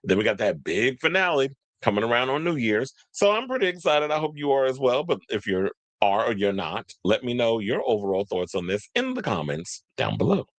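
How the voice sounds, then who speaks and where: A man's voice: medium pitch, very animated, fairly quick, hardly any pauses, no echo. A man hosting casual entertainment news commentary, rambling in slangy talk, reading stories aloud and chatting with viewers. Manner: rambling, slangy, loses his train of thought; talks to viewers and live chat.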